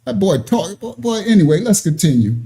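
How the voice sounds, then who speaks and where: A man's voice: high-pitched, very animated, creaky, warm tone. A man hosting casual reaction commentary, joking and laughing often as he teases what he watches. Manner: laughing, joking, drawn-out teasing. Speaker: commentary host.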